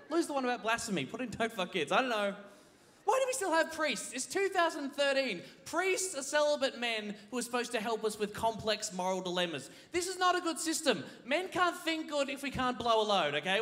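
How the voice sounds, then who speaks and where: High-voiced comedian on stage. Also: male voice, a little fast. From Australia. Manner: animated, swings from low storytelling to shouted punchlines. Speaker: stand-up comedian. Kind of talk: stand-up comedy set. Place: large theatre stage, laughing audience behind. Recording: live theatre recording with crowd.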